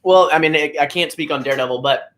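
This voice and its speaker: Young man, easygoing guest, fairly high pitch, speaks his mind plainly. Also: quick pace, fairly bright tone, a little hiss or hum. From United States. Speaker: guest, fitness creator. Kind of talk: casual livestream chat.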